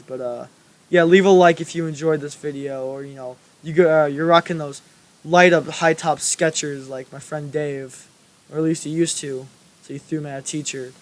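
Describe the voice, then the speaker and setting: A man's voice: on the high side, fairly bright tone. A young man telling a school story in a casual, rambling way, full of fillers and swearing. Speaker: storytelling YouTuber.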